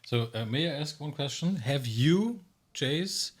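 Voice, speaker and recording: A man who is a native German speaker hosts a podcast. He asks polite, searching questions with pauses and has a slightly sore throat. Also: a little high, expressive. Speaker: podcast host. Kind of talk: interview questions.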